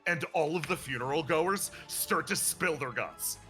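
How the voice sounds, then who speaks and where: A man's voice: fairly high pitch, a little slow, faint music behind. A man chatting casually as a streamer, animatedly retelling a game's story and laughing now and then. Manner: animated, laughs and breaks into playful character voices. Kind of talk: casual chat recapping a game story.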